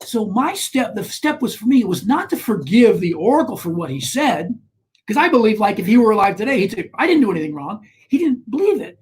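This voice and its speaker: A man, a guest on a talk show, telling a personal story in an animated way, with frequent restarts and rising emphasis. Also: high-pitched, fairly quick, breathy edge. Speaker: guest, author on shame.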